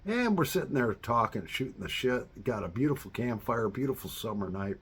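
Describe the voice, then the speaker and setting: A man's voice: medium pitch, very animated, fairly bright tone, breathy edge. A man telling a casual personal anecdote in a rambling way, with lots of fillers and restarts. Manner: rambling, with many fillers and restarts, drawn-out delivery. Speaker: storyteller.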